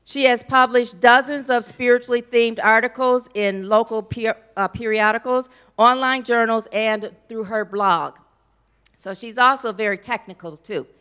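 Emotional, smooth-voiced woman minister introducing a guest. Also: a little high, steady tone, normal speed. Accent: American. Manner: warm, emotional and informal, with playful asides. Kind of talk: church introduction. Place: church.

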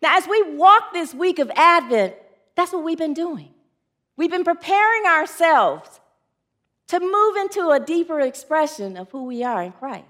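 A woman pastor preaches earnestly in a sing-song manner, a little slow, encouraging call and response from her congregation. She goes low and soft when the sermon becomes sorrowful.

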